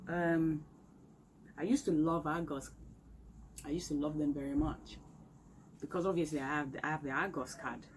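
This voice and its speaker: A woman's voice: low voice, low-quality recording. Exasperated woman ranting. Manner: exasperated, emphatic, repetitive. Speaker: vlogger. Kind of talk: complaint rant to camera. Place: home room, indoors. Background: faint outdoor street noise.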